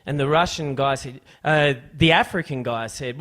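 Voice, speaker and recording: A man's voice: mid-range voice, fairly even intonation, normal speed, a bit bright. A man hosting a live radio show, telling a joke in a loose, rambling way with lots of fillers and restarts. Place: radio studio.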